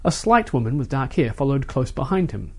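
A man narrates a short story at a steady, measured pace. His voice sits in a middle pitch, and he tells the story plainly and evenly. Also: slightly rough.

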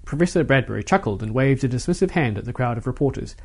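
Guy reading a short story out loud, measured and even, mid pitch. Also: breathy edge. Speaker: narrator. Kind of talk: scripted story narration.

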